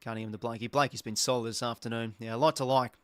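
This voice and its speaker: An Australian man hosting a live football watch-along, talking as an excitable, sweary fan who reacts to each play. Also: mid-range voice, quick pace, smooth, no echo. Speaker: host.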